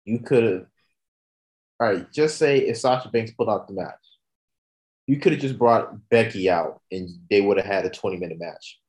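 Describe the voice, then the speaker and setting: A wrestling fan in a heated casual rant. The pitch swings from excited high bursts down to a frustrated, low grumble. The talk sits at an ordinary middle pitch between those extremes. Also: moderate pace.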